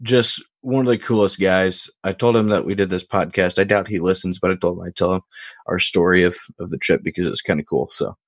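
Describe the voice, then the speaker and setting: A man's voice: deep voice, fairly even intonation, fairly quick, no room sound, studio quality. A man co-hosting a podcast, chatting and rambling through a story. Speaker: podcast co-host. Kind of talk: casual chat.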